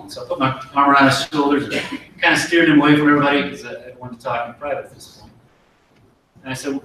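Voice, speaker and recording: A middle-aged man, an army officer, giving an earnest promotion speech and telling a folksy story with pauses and restarts. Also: medium pitch, steady tone, sharp tone, far from the mic, slight background noise. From United States. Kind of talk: ceremony speech with war story. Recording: very echoey hall, voice from afar.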